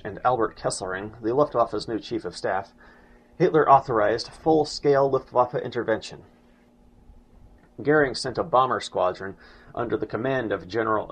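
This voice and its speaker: A man reading a history book aloud in a measured way, stumbling and restarting now and then and announcing quotes aloud. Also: on the low side, breathy edge. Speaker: narrator. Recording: dull lo-fi recording.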